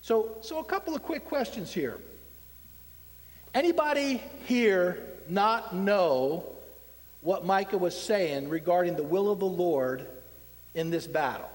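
A man's voice: high voice, lively intonation, measured pace, big-room sound. A man preaching a sermon in a conversational, wry way, asking his congregation questions. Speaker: pastor.

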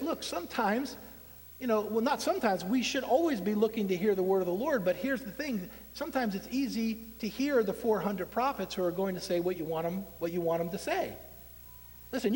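A man's voice: high-pitched, darkish tone, in a large hall. A man preaching a sermon in a conversational, wry way, asking his congregation questions. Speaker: pastor.

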